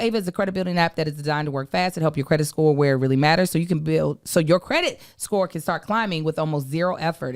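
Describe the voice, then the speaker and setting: A woman co-hosting a podcast who reads a sponsor spot casually, stumbling and correcting herself. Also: deep voice. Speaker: podcast co-host.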